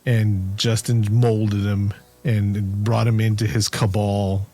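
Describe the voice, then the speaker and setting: A man's voice: lowish voice, level tone, slow, warm tone. Easygoing man recapping a movie. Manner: rambling storyteller, jokey asides. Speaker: podcast co-host. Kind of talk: casual movie recap chat.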